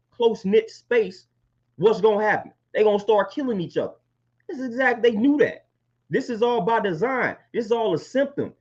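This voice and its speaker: A man, hosting a live stream and delivering an impassioned monologue, repeating phrases for emphasis. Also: high-pitched. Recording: dull lo-fi stream audio.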